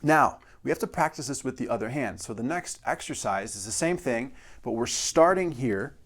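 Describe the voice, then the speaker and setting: A man's voice: mid-range voice, animated, moderate pace, a bit bright. A male drum teacher explaining a practice exercise step by step and counting beats aloud. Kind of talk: instructional demonstration.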